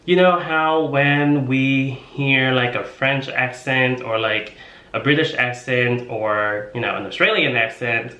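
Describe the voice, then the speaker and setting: A man's voice: mid-range voice, slow pace, pushed and bright. A man in his twenties from Vietnam, talking casually and playfully to the camera as a vlogger, full of filler words. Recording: roomy echo.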